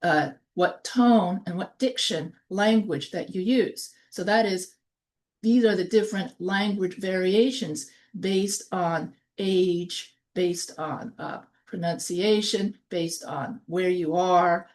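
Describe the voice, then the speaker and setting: A woman's voice: on the low side, slow pace, darkish tone. A woman with a New York accent, a college instructor giving a recorded online lecture and explaining in short phrases, partly reading from notes.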